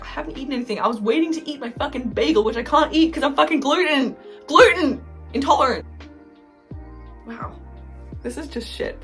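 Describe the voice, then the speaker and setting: A young woman with a fairly high voice tells a storytime vlog from her bed, painting her nails as she goes. She rambles in a casual, animated way and swears in nearly every sentence. Soft music plays faintly behind her. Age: young adult. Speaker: vlogger. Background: faint background music.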